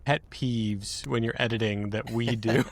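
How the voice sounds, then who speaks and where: A man's voice: lowish voice, fairly even intonation, measured pace. A man hosting a casual podcast chat who jokes and laughs as he talks. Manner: chatty and joking, laughs mid-sentence. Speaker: podcast host.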